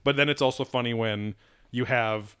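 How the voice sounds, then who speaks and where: A man's voice: mid-range voice, fairly even intonation, moderate pace, sharp tone, clean tone. A man co-hosting a podcast, rambling and laughing in loose, profane banter. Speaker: podcast co-host.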